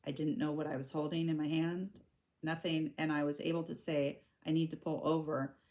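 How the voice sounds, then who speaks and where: A woman in her forties with a low voice talks straight to her viewers. She is candid and halting, often breaking off and restarting her sentences as she tells her own story. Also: level tone, a little mellow. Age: 40s. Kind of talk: personal storytelling to camera.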